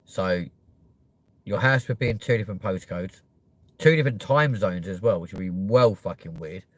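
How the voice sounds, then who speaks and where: A man's voice: deep voice, moderate pace, no room sound. A young man hosting a live stream, chatting casually and joking with viewers, with plenty of swearing. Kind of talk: rambling live-stream chat.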